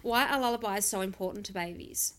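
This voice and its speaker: A woman interviewer asking short, plain questions in a brisk manner. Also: mid-range voice, fairly bright tone.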